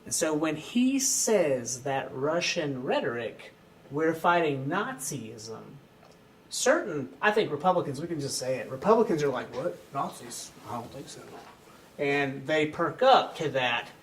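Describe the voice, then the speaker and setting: A man's voice: fairly high pitch, big pitch swings, unhurried, far from the mic, a little hiss or hum, low-quality recording. Rambling male interview host. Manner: loose and conversational, trailing off into fillers. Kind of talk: casual interview talk. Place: studio.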